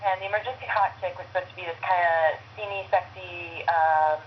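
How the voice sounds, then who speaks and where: A woman's voice: on the low side, a little fast, slight background noise. A woman voice actress chatting as a guest, telling stories animatedly over a speakerphone. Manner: animated storyteller, many fillers. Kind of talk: casual phone chat. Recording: dull speakerphone line.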